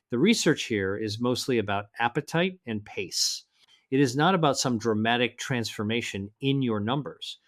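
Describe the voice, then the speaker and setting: An older man narrating a health advice video in an earnest, measured way, slowing down to stress single words. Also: mid-range voice. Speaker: health presenter. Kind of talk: scripted narration.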